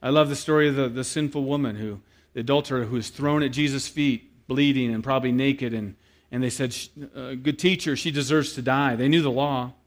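A man preaching a sermon, telling a story with lively acted-out quotes and then speaking quietly and earnestly to the congregation. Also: medium pitch, brisk, hardly any pauses. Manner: animated storyteller who acts out quoted voices, then turns quiet and earnest. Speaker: pastor.

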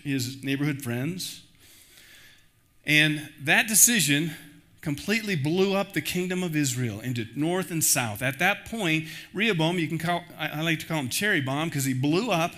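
A man pastor preaching a sermon in an animated way, acting out the voices he quotes. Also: fairly high pitch.

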